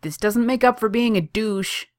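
A reader playing a cocky young coffee-shop owner who shouts and swears sarcastically. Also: mid-range voice, expressive, normal speed, dry recording, clean studio sound, close to an everyday voice. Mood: shouting.

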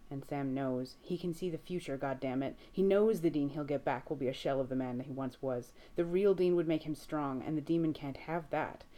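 A woman narrating a story aloud in a steady, measured reading voice. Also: low-pitched. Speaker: reader. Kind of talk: audiobook fiction reading.

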